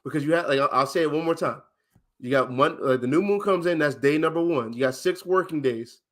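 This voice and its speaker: A man's voice: on the high side, a little fast. Emphatic man teaching on a livestream. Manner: emphatic, asks questions and counts out loud.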